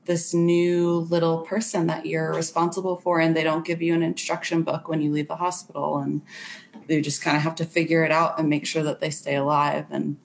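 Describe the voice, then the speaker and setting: A woman's voice: sits low, flat delivery, brisk, vocal fry, slight background noise. A young woman talking casually as a podcast guest, earnest, with frequent filler words. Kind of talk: casual chat.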